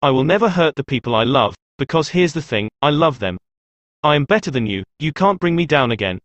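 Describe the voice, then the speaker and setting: A man's voice: fairly high pitch, lively intonation, fairly quick, a bit bright, no room sound, muffled recording. A man playing a traumatized adult man who confronts his abusive mother with intense emotion. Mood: defiant.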